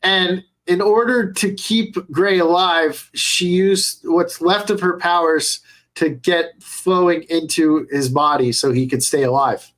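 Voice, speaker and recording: A young adult man co-hosting a podcast in casual chat, excitable and cursing freely as he retells scenes. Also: on the high side, takes it slowly. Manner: excitable, swears a lot while retelling scenes. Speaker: podcast co-host.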